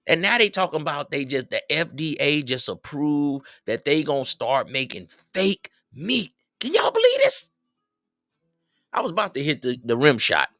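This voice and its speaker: A man's voice: fairly high pitch, animated, normal speed, few pauses, sharp tone, dry recording, studio quality, faint music behind. A man hosting a livestream, rambling casually and chatting with his viewers in a streetwise manner. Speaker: livestream host.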